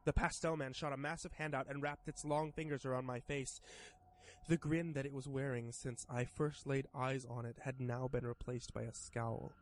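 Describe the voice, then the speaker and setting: A man narrates a first-person horror story on stream. His delivery is steady with small stumbles, and a faint hum of noise sits behind him. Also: mid-range voice, moderate pace. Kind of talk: horror story narration while modding a game.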